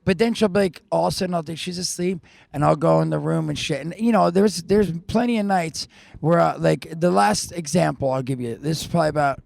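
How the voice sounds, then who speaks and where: A man's voice: on the high side, fairly quick, vocal fry, darkish tone, no echo. A man in his forties telling a rambling, profane story in casual chat, laughing often and acting out quotes. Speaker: podcast co-host.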